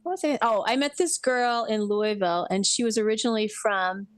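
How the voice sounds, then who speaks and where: A woman co-hosting a radio show, trading quick replies and telling a personal story with quoted dialogue. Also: mid-range voice, clean tone, no room sound. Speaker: radio co-host. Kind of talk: casual radio chat. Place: radio studio.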